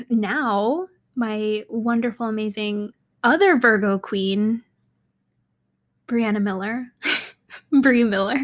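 A young woman hosting a casual solo podcast, chatty and rambling, laughing often and dropping into half-whispers. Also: fairly high pitch. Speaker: podcast host. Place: apartment in a city.

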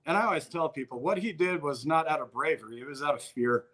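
A man's voice: a little high, expressive, fast talker, crowd noise. A man telling a personal story in a casual conversation, in a blunt, profane way, often acting out what people said. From Albuquerque, New Mexico. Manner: profane, blunt, acts out quoted exchanges.

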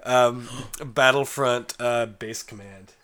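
An American man with a hoarse, cold-worn voice, co-hosting a casual podcast chat with wry, easygoing humor. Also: medium pitch, steady tone, slow, a bit bright. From United States. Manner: laughs often, wry and easygoing. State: hoarse, voice mostly gone from a cold. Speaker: podcast co-host.

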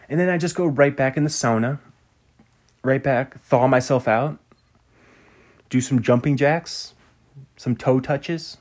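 A man's voice: mid-range voice, darkish tone. A man hosting a casual solo podcast, rambling and easily sidetracked, laughing at himself.

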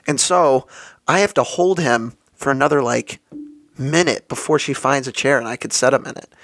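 A young man tells a rambling story on his solo podcast in a casual, swearing way, with plenty of fillers and acted-out quotes. His voice sits at an ordinary middle pitch. The recording is dry, with no room sound. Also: vocal fry, sharp tone, no echo. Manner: casual and profane, with many fillers and quoted asides. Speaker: podcast host.

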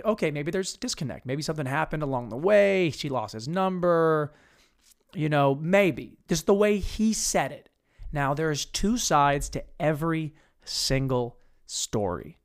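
A man casually retelling a radio story with swearing and put-on voices. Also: on the high side. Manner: casual, profane, animated retelling. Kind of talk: comedic storytelling.

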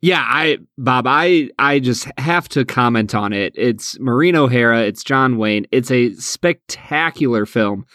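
A man's voice: medium pitch, expressive, measured pace, few pauses, sharp tone, dry recording, clean studio sound. A man co-hosting a podcast, talking earnestly and restarting his sentences. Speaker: podcast co-host. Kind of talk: casual chat.

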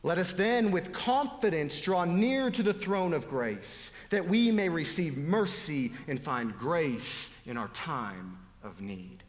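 A man preaching a sermon, dropping to hushed whispers and rising to loud, pleading appeals. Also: fairly high pitch, expressive, slow pace, few pauses. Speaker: pastor. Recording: long hall reverb.

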